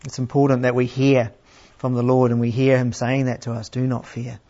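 A man preaching a sermon in a plain, unhurried teaching manner, asking his listeners questions. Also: medium pitch, flat delivery, mellow. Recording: slightly dull, lo-fi sound.

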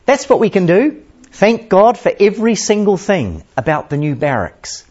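An eager, devout young woman who speaks excitedly and faithfully, as a male preacher puts her on. The voice is lifted and bright with energy over a husky tone. The recording is dull and lo-fi. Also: sits high, moderate pace, voice pushed up, exaggerated voice. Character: hopeful, devout young woman, a prisoner's sister.

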